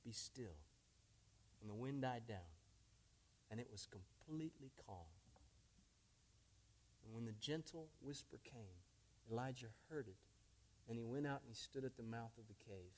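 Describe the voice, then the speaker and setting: A male pastor preaching a sermon in short phrases with dramatic pauses and shifting emphasis, mixing scripture retelling with folksy asides. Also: medium pitch, a little mellow.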